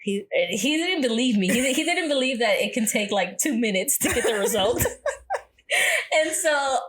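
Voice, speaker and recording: A woman's voice: a little high, expressive, moderate pace, fairly bright tone. A young woman co-hosting a podcast, telling a story in a casual, slangy way and laughing often. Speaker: podcast co-host. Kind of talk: casual chat.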